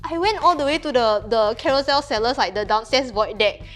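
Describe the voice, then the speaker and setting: A woman's voice: a little high, animated, a little fast, fairly bright tone, faint music behind. A woman guest with a Singaporean accent, a bride-to-be who tells stories and acts out her own lines. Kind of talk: casual chat.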